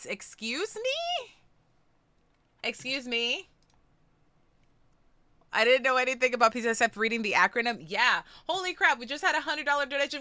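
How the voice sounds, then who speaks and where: A young woman streamer hosts a charity live stream, talking casually to her chat in a very bright, clear voice of medium pitch. She is excitable and quick to swear, swinging from easy chatter to squeals. The recording is close and dry.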